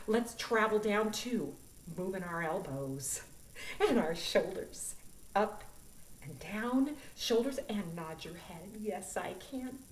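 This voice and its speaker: A woman directing a children's choir in an upbeat online music lesson, talking in an animated, expressive way. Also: a little high. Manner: animated, expressive, demonstrates voice sounds. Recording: roomy, from a distance.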